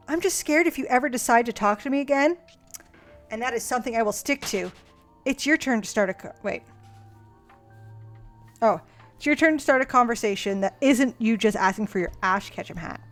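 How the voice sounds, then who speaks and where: Young female streamer, high-ish voice, sarcastic and profane; quiet music underneath. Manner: sarcastic, swears freely, mocks her past self. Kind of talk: casual chat reading old diary letters aloud. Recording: faint music behind.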